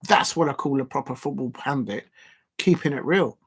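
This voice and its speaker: A man's voice: medium pitch, moderate pace, husky. A man hosting a live football watch-along, reading viewer comments aloud and ranting indignantly.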